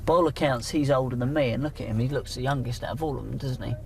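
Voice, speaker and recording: Firm, sceptical British traffic officer. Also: male voice, medium pitch, fast talker, gravelly. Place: roadside at night, outdoors.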